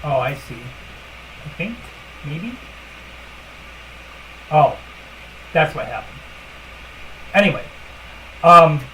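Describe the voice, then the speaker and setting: A woman with a low, slightly bright voice hosts a casual livestream from her computer, speaking bluntly and emphatically with plenty of fillers and side remarks. The recording is low quality, with a little background noise.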